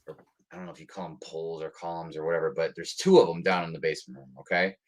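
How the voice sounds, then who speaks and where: A man's voice: low voice, rapid-fire. An American man co-hosting a livestream, chatting casually and rambling with lots of ums. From United States. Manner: relaxed, rambling with many ums. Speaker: livestream co-host. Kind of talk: casual chat.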